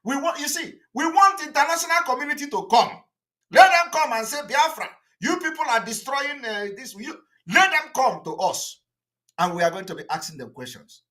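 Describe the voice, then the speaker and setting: Fiery Nigerian man, bright animated voice. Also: very high-pitched, brisk. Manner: combative, indignant, repetitive rhetorical jabs. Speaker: political activist addressing viewers. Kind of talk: impassioned livestream address.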